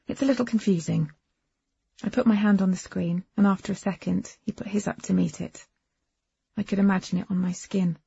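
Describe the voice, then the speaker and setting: Very husky woman narrating. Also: mid-range voice, moderate pace, no echo, lo-fi sound. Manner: expressive, lively first-person storytelling. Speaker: audiobook narrator. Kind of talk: first-person audiobook narration.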